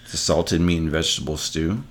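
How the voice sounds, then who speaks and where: A man's voice: a bass voice, steady tone, fairly quick, slight background noise. A man in casual chat, laid-back with dry remarks.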